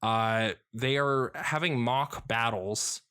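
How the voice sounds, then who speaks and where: A man's voice: mid-range voice, slow, bright, forceful tone, clean tone. A man co-hosting a podcast, chatting casually about a comic in a rambling way, with lots of fillers and restarts. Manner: rambling, many fillers and restarts, laughs often. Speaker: podcast co-host.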